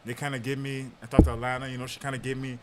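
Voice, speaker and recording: Racing through a long personal story, a young man hosting a podcast keeps it casual, laughing often and filling gaps with lots of fillers. His voice is medium-pitched and level, and heavy background noise sits behind it.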